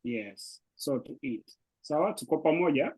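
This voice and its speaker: A man's voice: a little high, expressive, normal speed, darkish tone, breathy edge, poor audio. A man who speaks natively, teaching a language lesson in English with a hesitant manner full of fillers and restarts. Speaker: Swahili teacher. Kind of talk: explaining an online language lesson.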